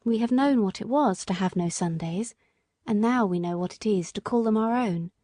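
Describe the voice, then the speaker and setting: A woman reading an audiobook, voicing a gentle, devoted working-class wife who speaks softly and from the heart. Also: mid-range voice, moderate pace, dry recording, clean studio sound, close to an everyday voice. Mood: heartfelt.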